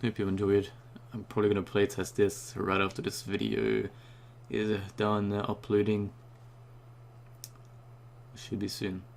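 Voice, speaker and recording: Young guy, lowish voice, super hyped casual rant, swears a lot, kinda just woke up. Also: unhurried, creaky, a little hiss or hum. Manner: rambling, excitable, swears often. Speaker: YouTuber reviewing a card.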